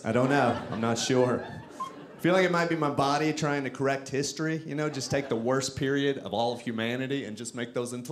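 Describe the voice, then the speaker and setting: A man from Texas doing a stand-up comedy set on a club stage into a handheld mic, with self-mocking, animated delivery. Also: mid-range voice, a little fast, noisy background.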